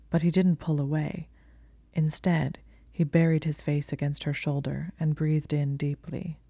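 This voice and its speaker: Low, hushed woman narrating a story. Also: no room sound. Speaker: audiobook narrator.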